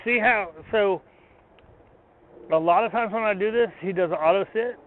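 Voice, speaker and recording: A man's voice: high voice, moderate pace. Man with tinny phone-like sound. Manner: relaxed, talks himself through it between short dog commands. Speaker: dog trainer. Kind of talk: casual training explanation. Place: outdoors with a dog. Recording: tinny phone-like, noisy outdoors.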